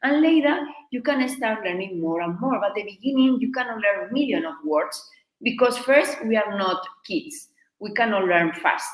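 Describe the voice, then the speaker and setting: A woman who is a native Spanish speaker and a Spanish teacher, explaining learning tips in a lively, emphatic way with punchy "boom" accents. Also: moderate pace, roomy sound, poor audio.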